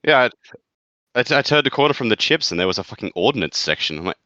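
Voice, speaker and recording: A man's voice: on the low side, big pitch swings, quick pace, pushed and bright, no echo, highs cut off. A man co-hosting a casual book podcast, talking bluntly, swearing freely and laughing often. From outside the United States. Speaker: podcast co-host. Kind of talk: casual book-club chat.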